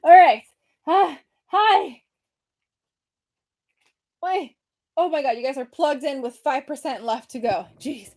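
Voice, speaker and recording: A woman's voice: sits high, takes it slowly, pauses often, a little mellow. A young woman hosting a casual livestream, chatty and bubbly, reading viewer comments and a bit out of breath. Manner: bubbly, chatty, distracted, reads comments aloud. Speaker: livestream host.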